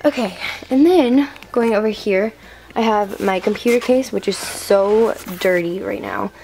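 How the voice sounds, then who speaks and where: A woman's voice: mid-range voice, a little slow. A teenage woman in her bedroom, giving a casual room tour, chatty and rambling with lots of ums. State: slightly out of breath. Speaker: vlogger. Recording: noticeable background noise.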